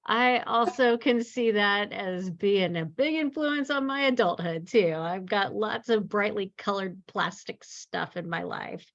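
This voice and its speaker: A woman artist taking part in a workshop over a video call, relaxed and reflective, laughing often as she talks. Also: mid-range voice, a little slow, hardly any pauses, dull audio.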